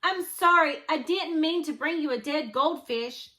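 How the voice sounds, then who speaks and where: A woman reading a storybook aloud and voicing an eager male animal shelter keeper who keeps pitching odd pets in an upbeat, salesy way. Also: unhurried, bright, forceful tone.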